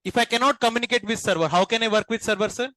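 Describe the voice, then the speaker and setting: A man delivers a classroom lecture, stopping often to quiz his students with quick questions. His voice sits high for a man. The sound is dry and close, with no room echo. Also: bright, forceful tone. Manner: asks the class frequent check questions. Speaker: instructor.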